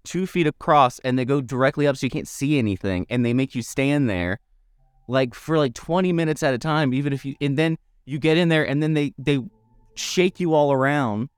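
A man's voice: mid-range voice, fairly quick, smooth, no room sound, clean studio sound. A man co-hosting a podcast, telling stories with emphatic, exaggerated complaints in casual chat. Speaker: podcast co-host.

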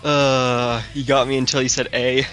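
A man's voice: medium pitch, little pitch movement, normal speed, fairly bright tone, soft background music. A man from Canada chatting casually on a podcast and laughing easily. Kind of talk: casual chat.

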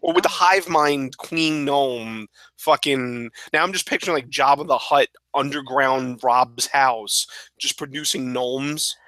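A man bantering on a podcast with a bright, sharp edge to his voice. The recording is dry and close, with no room sound. He jokes, swears freely and laughs often. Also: medium pitch, unhurried, dry recording. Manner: laughing, profane, animated. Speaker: podcast co-host. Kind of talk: casual banter.

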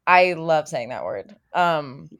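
A woman with a notably low voice talks casually as an interview guest about her stage work. She rambles warmly, full of fillers and restarts, in a chatty, easygoing way. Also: expressive, slow pace.

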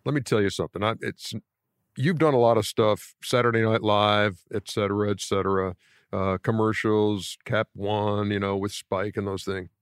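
A man hosts a casual podcast, asking questions in a teasing, good-humored way. His voice is fairly low, clear and resonant, with fairly even intonation and a moderate pace, and the studio sound is clean with no echo.

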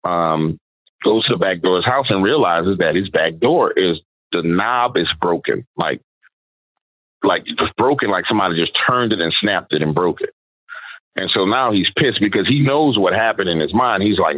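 A man's voice: low voice, animated, normal speed, slightly rough, dry recording. A man telling a paranormal story as a guest, chatting casually and voicing the people in it. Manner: conversational, quotes people in his story. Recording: thin phone-like sound.

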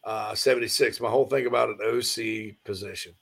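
A man hosting a casual live-stream sports talk show, rambling and animated while reading viewer comments, yawning and distracted. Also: fairly low pitch, a little fast, creaky.

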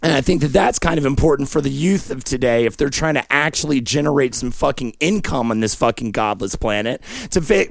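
A man's voice: on the high side, lively intonation, a little fast, vocal fry, hardly any pauses, no room sound, studio quality. A man hosting a comedy show, delivering a rambling, profane, improvised rant that slips into a sing-song lilt.

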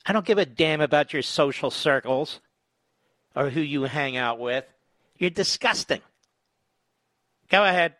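A man's voice: on the high side, animated, a little slow, long pauses, fairly bright tone, dry recording. A man hosting talk radio, delivering combative, sarcastic commentary.

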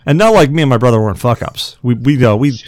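A man's voice: medium pitch, animated, fast, over a noisy crowd. Rambling man telling a story. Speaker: podcast guest. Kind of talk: casual storytelling.

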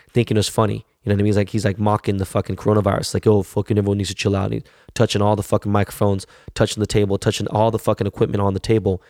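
A man's voice: fairly low pitch, darkish tone, dry recording, studio quality. A middle-aged man ranting casually and bluntly, swearing heavily and repeating words when he gets worked up. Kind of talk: profane casual rant.

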